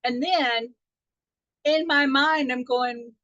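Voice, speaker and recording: A woman's voice: on the high side, unhurried, a bit bright, dry recording, lo-fi sound. Chatty woman on a call. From Texas. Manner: chatty, anecdotal, laughs often. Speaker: spiritual teacher. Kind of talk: group call talk, storytelling. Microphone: call audio.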